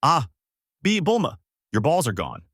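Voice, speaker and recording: A man's voice: mid-range voice, sing-song, normal speed, a bit bright, no room sound, clean studio sound. A man voicing a cheerful, naive and very strong young boy in a fan-made story, speaking eagerly and a bit cheekily.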